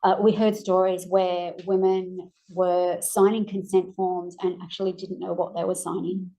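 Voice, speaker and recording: A woman with an Australian accent presenting research findings in a measured way with frequent ums, her voice going hoarse. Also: on the low side, little pitch movement, dark tone, low-quality recording. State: losing her voice. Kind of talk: academic presentation.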